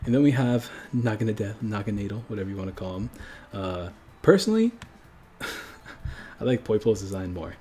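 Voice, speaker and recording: With a lowish, mellow, sing-song voice, this streamer speaks at normal speed but leaves long pauses. He's from a French-speaking country and chats casually on his livestream, rambling, correcting himself, and chuckling frequently.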